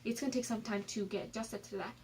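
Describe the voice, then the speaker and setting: A woman's voice: medium pitch, fairly even intonation, fast talker, a little mellow, a little hiss or hum, poor audio. A woman vlogger giving personal development advice in a candid, chatty way, filling her talk with "like" and "um", recorded on a phone. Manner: candid and chatty, many fillers like "like" and "um". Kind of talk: casual advice vlog.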